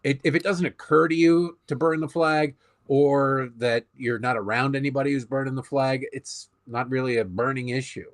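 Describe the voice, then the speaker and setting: A man appearing as a guest commentator, talking in a sarcastic, profane, animated way in casual political chat. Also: mid-range voice, normal speed, dry recording, studio quality.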